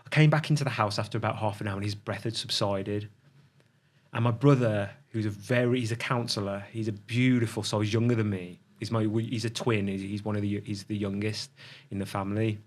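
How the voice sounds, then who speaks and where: A middle-aged man telling a personal story as a podcast guest, reflective and halting, often restarting his sentences. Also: fairly low pitch, fairly even intonation.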